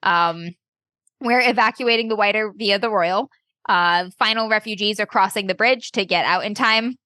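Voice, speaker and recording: A woman's voice: medium pitch, moderate pace, sharp tone, no echo. A woman casually recapping a tabletop game session, laughing and swearing as she goes. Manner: laughing, swearing, loose and joking. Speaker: player and co-host.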